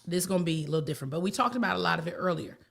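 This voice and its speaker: A woman's voice: fairly low pitch, animated, racing, vocal fry, husky. A woman spiritual teacher, talking casually in a blunt, folksy way and repeating herself for emphasis. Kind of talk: casual talk.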